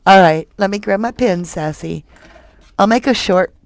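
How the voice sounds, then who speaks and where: A woman hosting a casual true crime livestream, chatting with viewers and reading their comments in an animated way. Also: moderate pace, vocal fry, no echo. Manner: chatty and animated, jumping up high when excited.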